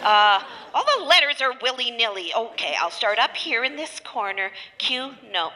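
A woman's voice: fairly high pitch, lively intonation, normal speed, in a large hall, very noisy, natural voice. A woman playing a nagging, anxious mother in a comedy sketch, fretful and dramatic. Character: fussy, meddling middle-aged mother, anxious. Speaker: mother calling her son.

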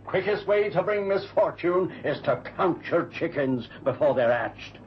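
An actor playing a superstitious old ship's carpenter, a gentle giant who speaks slowly and solemnly with archaic turns of phrase. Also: male voice, on the high side, expressive, muffled recording, a little hiss or hum. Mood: solemn warning. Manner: slow, solemn, warning tone with archaic 'tis.

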